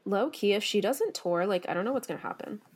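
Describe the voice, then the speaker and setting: A woman's voice: medium pitch, fast, husky. Young woman just chatting on a podcast, mid voice, says like a lot. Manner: relaxed, filler-heavy chatter. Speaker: podcast co-host. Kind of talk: casual chat.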